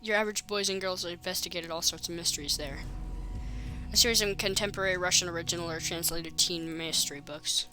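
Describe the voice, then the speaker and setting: A woman's voice: on the low side, steady tone, brisk, music in the background. A woman streamer reading a story game aloud, breaking off for chatty, self-mocking asides.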